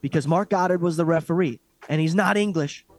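Profane, ranting man, higher voice. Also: brisk. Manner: blunt, profane, animated ranting. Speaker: podcast co-host. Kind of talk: casual fight recap chat.

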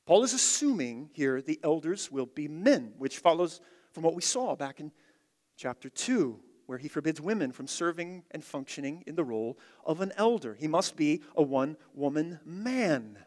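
A man preaching an expository sermon, emphatic, repeating key phrases and swinging from loud to hushed. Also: on the high side, sing-song, moderate pace, big-room sound. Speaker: pastor.

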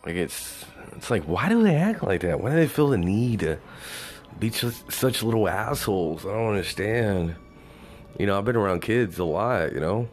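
A man's voice: fairly low pitch, animated, normal speed, a little mellow, soft background music. A man talking in a loose, rambling monologue, swearing freely and saying "you know" over and over. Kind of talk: casual monologue.

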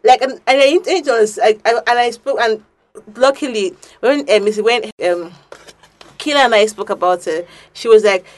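A young woman, co-hosting a podcast and telling a story in casual chat, animated, swearing and restarting her sentences often. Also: a little high, a little slow. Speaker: podcast co-host.

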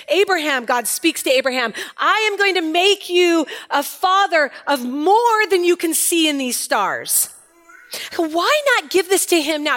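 A woman preaching a sermon, animated and casual with slangy asides, dropping to soft intimate tones for emphasis. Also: high voice. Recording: long hall reverb.

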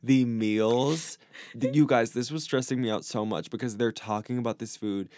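A man's voice: mid-range voice, fairly even intonation, normal speed, a little mellow, no echo, clean studio sound. A man co-hosting a casual podcast, telling a funny story with playful exaggeration and frequent laughter. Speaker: podcast co-host. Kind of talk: casual chat.

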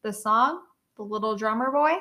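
A young woman with a fairly high voice co-hosts a casual podcast chat. She swears freely and states her opinions bluntly, as if sharing hot takes with a friend. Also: normal speed, bright, forceful tone. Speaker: podcast co-host.

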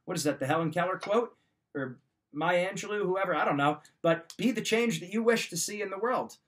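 A man's voice: high voice, fairly quick, fairly bright tone. Emphatic man giving motivational advice. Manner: emphatic, repeats points, direct advice. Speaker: podcast host. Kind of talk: motivational talk.

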